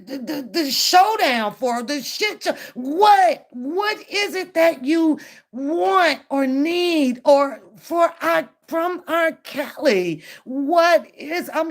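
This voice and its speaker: A woman hosting a reaction channel, giving blunt, profane commentary on a clip and laughing often. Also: high voice.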